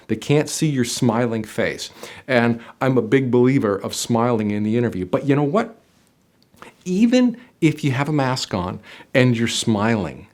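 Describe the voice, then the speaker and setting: Middle-aged male interview coach, lively pitch swings, emphatic and motivational to camera. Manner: emphatic, motivational, addresses viewer directly. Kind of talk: direct-to-camera coaching video.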